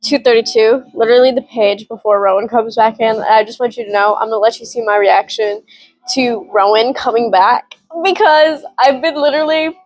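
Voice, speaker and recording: A woman giving casual, excitable reading updates as a book vlogger, gushing and often giggling. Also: fairly high pitch, normal speed, low-quality recording.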